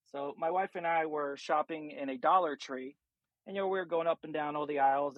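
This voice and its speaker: A man co-hosting a podcast, telling a personal story in an animated way and acting out the quotes. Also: fairly high pitch, no room sound, muffled recording. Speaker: podcast co-host. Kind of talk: casual anecdote telling.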